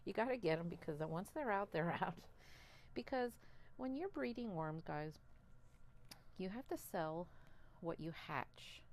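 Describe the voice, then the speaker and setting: Chatty, breathless woman with a lowish voice. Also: a little hiss or hum. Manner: chatty and excitable, laughs often, talks to viewers as guys. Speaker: worm farmer and channel host. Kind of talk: casual chat to camera while handling worms.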